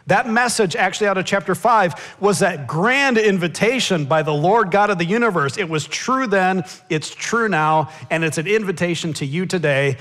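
An American man preaching a sermon, swinging from loud pleading cries to hushed asides. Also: sits high, lively intonation, normal speed. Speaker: pastor. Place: church sanctuary.

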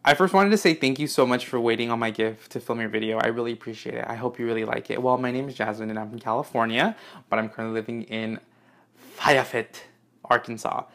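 A young man unboxing fan mail in an excited, gushing vlog, swearing often and gasping as he reads letters aloud. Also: medium pitch, fairly quick, gravelly. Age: young adult. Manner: gushing, swears a lot, gasps and squeals.

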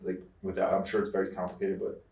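A man hosts a casual podcast chat, his voice sitting on the low side. He asks questions loosely and easily, and he is picked up from a distance in an echoey room. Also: fast talker. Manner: relaxed, chatty questioning. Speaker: podcast host. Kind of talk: casual interview talk. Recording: roomy, distant mic.

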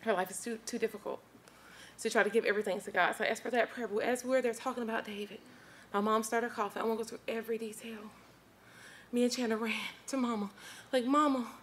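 Woman, high-pitched speaking voice, earnest heartfelt church testimony addressed to the congregation. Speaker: church member giving testimony.

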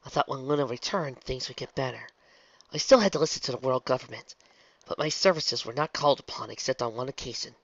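A man's voice: mid-range voice, quick pace, fairly bright tone, no room sound. A man voicing a solemn regal pony princess. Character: regal, remorseful sun princess, female pony. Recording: dull lo-fi, dry.

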